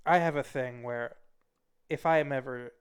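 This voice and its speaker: A man's voice: medium pitch, normal speed, clean tone. A young man hosting a casual talk show from a VR chat space, rambling and joking through silly made-up scenarios. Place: VR chat room, at home.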